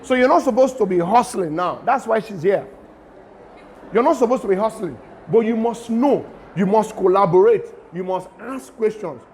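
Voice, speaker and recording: A middle-aged man with a Nigerian accent lectures students in a lively way and drops pidgin asides into his talk. His voice sits high for a man. A faint hum of room noise stays behind him. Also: normal speed. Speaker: guest lecturer.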